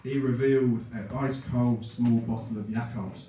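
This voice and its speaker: A man's voice: medium pitch, fairly even intonation, normal speed, warm tone. A man telling a comic story on stage, often laughing at his own jokes and acting out other people's voices. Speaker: stand-up comedian. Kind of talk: stand-up storytelling. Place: comedy club stage. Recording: echoey room from far off, noisy. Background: audience laughter.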